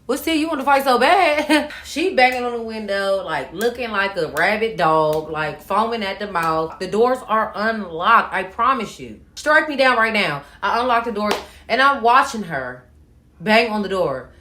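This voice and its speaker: Woman spilling a messy story, lots of cursing, roomy echo, animated. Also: medium pitch, moderate pace. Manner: animated, profane, acts out quotes. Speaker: storytime host. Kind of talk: casual storytime monologue.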